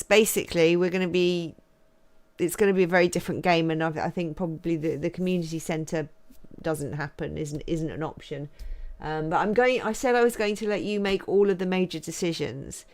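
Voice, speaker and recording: A woman's voice: fairly low pitch, a little mellow, clear, resonant tone. A woman chatting casually and laughing as she streams a cosy farming game. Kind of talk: cosy game livestream chat.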